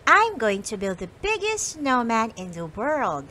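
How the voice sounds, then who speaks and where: A woman voicing Molly, a proud, cheerful little girl mouse in a storybook read-aloud, with squeaky, bright exclamations. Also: huge pitch swings, a little slow, a little hiss or hum, full character voice. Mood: excited.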